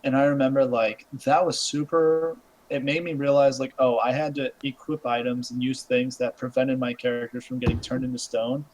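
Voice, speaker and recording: A young man co-hosting a gaming podcast, talking in a laid-back, thoughtful, halting way. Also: mid-range voice, flat delivery, a little mellow, slight background noise, poor audio. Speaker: podcast co-host. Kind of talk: casual gaming chat.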